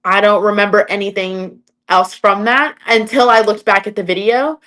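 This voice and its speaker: A woman's voice: medium pitch, steady tone, normal speed, a bit bright. A young adult woman, an MMA fighter, chatting as a podcast guest and telling stories, with lots of "like" fillers. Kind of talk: casual interview storytelling.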